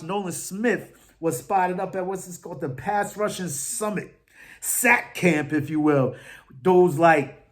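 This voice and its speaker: A man hosting a fan podcast, talking football in a casual, animated, trash-talking way, full of slang and fillers. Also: a little high.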